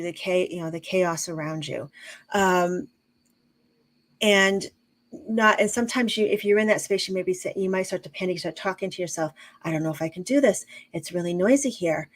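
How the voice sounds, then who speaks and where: A middle-aged woman chatting calmly as an interview guest, explaining with long examples and many fillers. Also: medium pitch, low-quality recording. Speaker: guest, intuitive medium and teacher. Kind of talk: casual interview chat.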